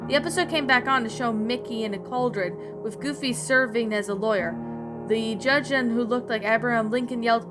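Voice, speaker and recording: A woman's voice: fairly high pitch, brisk, over music. A woman narrating a creepypasta and then reviewing it in a rambling, self-correcting way.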